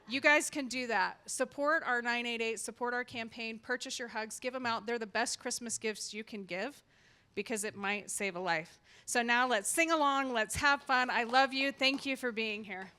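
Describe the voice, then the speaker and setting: A woman's voice: a little high, moderate pace, smooth. A woman hosting a live community event, speaking in a heartfelt way and telling stories. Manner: warm, heartfelt, repeats her motto. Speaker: event host, nonprofit founder. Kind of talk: emotional live event speech. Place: event hall with audience.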